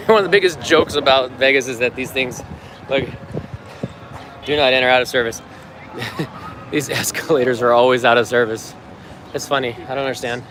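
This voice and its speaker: Easygoing male vlogger from the US narrating a walking tour on a phone, city noise clear behind. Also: mid-range voice, moderate pace, pauses often. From United States. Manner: chatty, easygoing, laughs often. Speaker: vlogger and circus performer. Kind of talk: live-stream walking tour. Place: outdoors on a city street. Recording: outdoor street noise.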